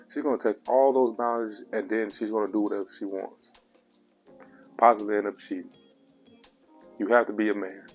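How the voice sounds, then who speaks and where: A man's voice: on the low side, steady tone, a little fast, long pauses, soft background music. A man giving blunt relationship advice in a casual vlog monologue, preachy and repetitive, with coarse language.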